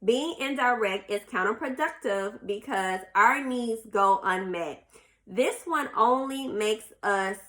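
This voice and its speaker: Lady hosting a podcast, clear bright voice, chatty, reading bits of a book and talking to y'all. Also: fairly high pitch. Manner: chatty, addresses listeners as y'all, reads passages aloud. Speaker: podcast host. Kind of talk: casual chat reading from a self-help book.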